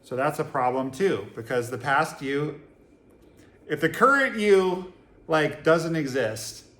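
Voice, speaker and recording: A man's voice: on the high side, animated, slow, fairly bright tone. A man from Boston, giving a Zen dharma talk to a live audience in a meditation hall, casual and joking, with many rhetorical questions. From Boston, USA. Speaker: Zen teacher. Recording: echoey room, faint ambience.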